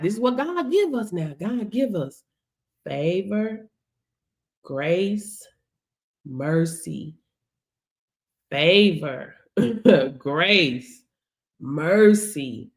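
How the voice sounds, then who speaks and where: A woman's voice: a little high, a little mellow. A woman hosting a business workshop livestream, preaching with frequent laughs and call-outs to the audience. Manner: preachy, laughs often, keeps asking "hello?". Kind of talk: motivational livestream talk.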